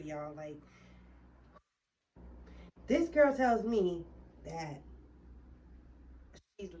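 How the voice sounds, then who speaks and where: A woman's voice: medium pitch, fairly bright tone, distant mic, slight background noise. A woman vlogger telling a heated, profane story straight to her viewers in a casual storytime.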